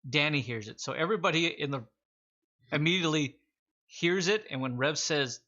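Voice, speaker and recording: A man narrating a tabletop game as game master, relaxed and joking. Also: fairly high pitch, moderate pace. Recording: dull lo-fi audio.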